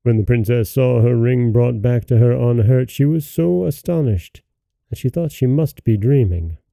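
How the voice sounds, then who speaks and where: A man hosting a podcast, reading a fairy tale aloud in a calm, measured way. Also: mid-range voice, gravelly, no echo. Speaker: podcast host and storyteller.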